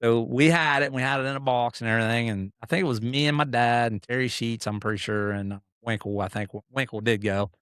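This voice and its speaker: Middle-aged guest storyteller, smooth, dry close sound, animated, acts out others. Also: male voice, medium pitch, fast talker, few pauses, no room sound. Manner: animated, acts out quoted people, frequent restarts. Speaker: podcast guest, motocross racer. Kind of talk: casual storytelling.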